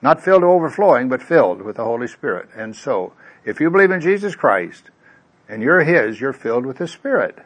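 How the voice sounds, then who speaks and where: A man preaching a conversational sermon, lively, with folksy asides and filler words, acting out the quoted voices in his stories. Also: mid-range voice, a little fast, husky. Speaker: pastor.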